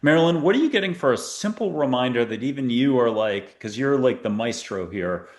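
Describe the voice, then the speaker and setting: A podcast host leads listeners through a guided exercise on his spiritual talk show, keeping it a casual, playful meditation chat full of rambling. His medium-pitched voice is expressive and brisk.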